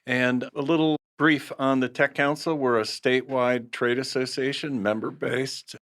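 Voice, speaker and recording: A man co-hosting a podcast, describing his organization in a brisk, businesslike way. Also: mid-range voice, steady tone, fairly bright tone. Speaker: podcast co-host, trade association chief. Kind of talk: interview self-introduction.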